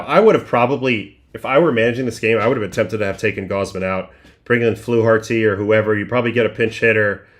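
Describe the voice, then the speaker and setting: On a livestream, a middle-aged man casually breaks down game film of baseball pitches one at a time. He thinks out loud, restarting sentences and using fillers.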